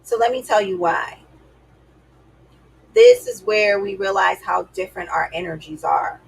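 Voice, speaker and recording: A woman gives dating advice straight to her viewers in a sassy, emphatic, chatty way. Her voice has a gravelly fry and a husky edge. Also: mid-range voice, wildly swooping pitch, measured pace, low-quality recording. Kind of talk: casual advice talk to camera.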